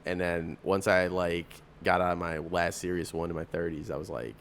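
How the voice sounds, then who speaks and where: A very low-pitched man in his thirties hosts a casual podcast chat. He talks frankly and rambles, stacking "like" and restarting his sentences. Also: steady tone, moderate pace, a bit bright. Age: 30s. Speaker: podcast host. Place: coffee house.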